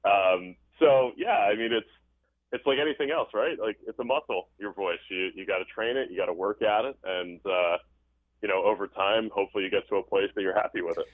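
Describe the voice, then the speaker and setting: A man's voice: fairly low pitch, brisk, no room sound. A man who works as a baseball play-by-play broadcaster, speaking easygoing and upbeat in a casual interview from a stadium press box. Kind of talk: casual interview over the phone. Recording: tinny phone line.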